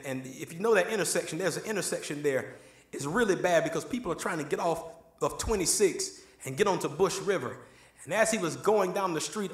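A man's voice: sits high, fairly bright tone. A man preaching a sermon in a church, calling for amens from the congregation. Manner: call-and-response preaching, asks for amens. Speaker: pastor. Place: church sanctuary. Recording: echoey church room.

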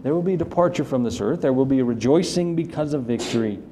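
A man's voice: medium pitch, expressive, quick pace, dark tone, a little hiss or hum. A man preaching a sermon as pastor, earnest and building to emphatic questions. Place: church sanctuary.

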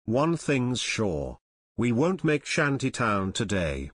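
A man reading the part of a brash teenage boy steering a speedboat, yelling over the engine in an audiobook. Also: mid-range voice, sing-song, takes it slowly, husky, no echo, clean studio sound, full character voice. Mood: matter-of-fact.

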